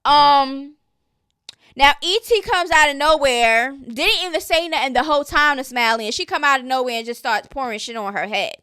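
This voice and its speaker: A woman recaps a reality show in a casual, outspoken way, calling out the cast as if talking to them. Her voice sits high and sounds bright and crisp. The recording is dry and close, with no room sound. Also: normal speed, no room sound. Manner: sassy, blunt, scolds the cast directly. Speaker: reality TV commentary host.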